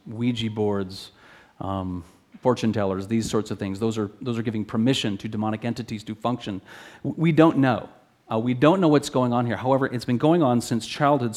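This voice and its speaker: In a darkish tone, a man delivers an earnest expository sermon as if teaching a class. He restarts phrases often, and his voice climbs in pitch when he reads scripture aloud.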